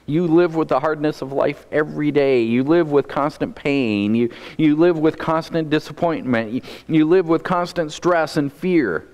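A man's voice: on the high side, normal speed, hardly any pauses, darkish tone, long reverb tail. A man preaching a sermon as pastor, earnest and often repeating a word as he starts a phrase.

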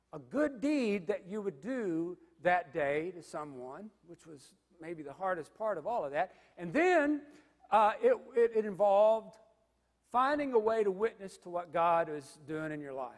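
Male pastor, 50s, high-pitched, dynamic sermon delivery in a reverberant sanctuary. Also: very animated, measured pace. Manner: dynamic preaching, big swings from loud to hushed. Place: church sanctuary.

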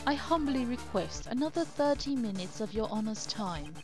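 A woman's voice: fairly high pitch, expressive, moderate pace, music in the background, natural voice. A woman voicing a composed male prosecutor who pleads politely. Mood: formal.

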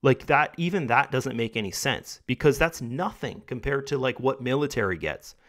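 A man talks straight to his viewers in a loose, rambling monologue, full of fillers, restarts and "right, guys" tags. His voice sits in an ordinary middle register and is starting to wear rough as he goes. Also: mid-range voice, normal speed, a bit bright. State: losing his voice. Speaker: video host. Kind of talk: casual monologue to camera.

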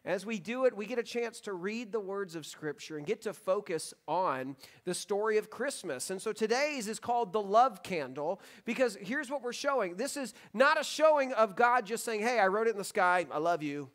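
A man's voice: sits high, lively intonation, normal speed, hardly any pauses, a bit bright. A man in his thirties, a pastor leading a church service in a sanctuary, talking casually and joking with the congregation. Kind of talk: sermon.

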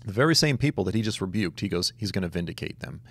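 A man teaching a conversational Bible study, telling stories in an animated, emphatic way with casual asides. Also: low-pitched, quick pace, husky.

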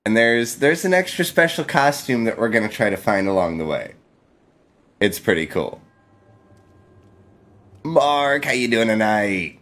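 A man's voice: mid-range voice, expressive, measured pace, pauses often, fairly bright tone. A man streaming a video game live, playful and exclaiming, laughing often and thanking his chat. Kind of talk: live gameplay commentary.

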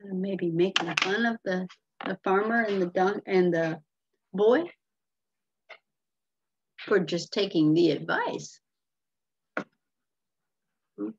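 A woman's voice: medium pitch, animated, takes it slowly, vocal fry, pauses often, breathy edge. A woman teacher reading a picture book aloud to children, patiently explaining and asking questions, on a muffled lo-fi recording.

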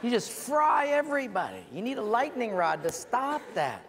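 A man preaching a sermon as a pastor, telling stories with lively acted-out voices and sudden shouts. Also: very high-pitched, normal speed, big-room sound, slight background noise. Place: church.

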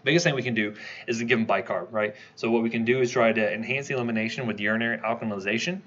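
Guy lecturing fast to a class, asking questions all the way, kinda muffled recording. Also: medium pitch, a bit bright. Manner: quick, conversational, asks the class questions. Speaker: toxicology lecturer.

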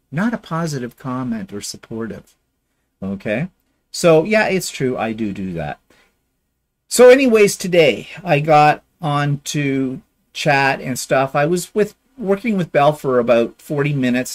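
A middle-aged man from Canada, co-hosting a casual chat and telling a long rambling story. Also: a little high. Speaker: podcast co-host.

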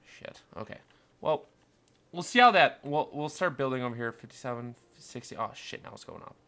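A young man commentating his city-building game, muttering along and then bursting into panicked, cursing shouts. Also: mid-range voice, fairly quick. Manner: swings from mumbling to panicked yelling, swears constantly. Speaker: gameplay streamer. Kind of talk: casual let's-play commentary.

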